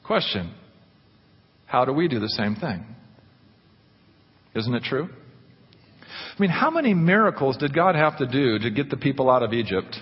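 A man preaching a sermon, animated, putting questions to the congregation. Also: mid-range voice, normal speed, long pauses, breathy edge. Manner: animated, asks the congregation questions, acts out quotes. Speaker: pastor. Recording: dull, echoey church hall recording.

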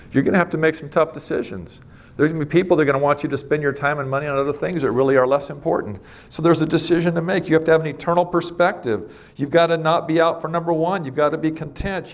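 Middle-aged male preacher, slightly high voice, emphatic delivery with shifting pace. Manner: emphatic, varies pace and loudness for effect. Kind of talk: sermon.

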